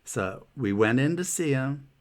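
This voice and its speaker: A man's voice: mid-range voice, lively intonation, a little slow. A man casually telling a personal story about his health troubles, laughing often and sounding rueful and incredulous.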